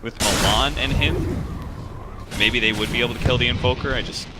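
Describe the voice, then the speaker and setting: A man casting a video game match play-by-play, getting loud and excited at the big fights. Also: mid-range voice, moderate pace, very noisy. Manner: excited shouting at big plays. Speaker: esports caster. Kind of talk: play-by-play commentary.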